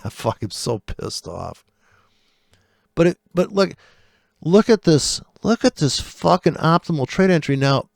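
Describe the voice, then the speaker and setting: A man with a gravelly, fry-laden voice rants through his chart commentary. He swears freely and mocks others with biting sarcasm. His voice sounds dry and close, with no room around it. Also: fairly high pitch, no room sound. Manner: profane, sarcastic, mocking. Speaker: trader. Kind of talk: ranting commentary over live charts.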